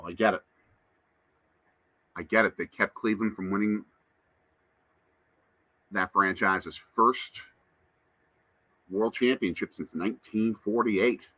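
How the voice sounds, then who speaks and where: A man's voice: on the low side, sharp tone, dry recording. A man hosting a casual live stream, chatting to viewers and reading out their comments. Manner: chatty, answers chat comments. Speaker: livestream host.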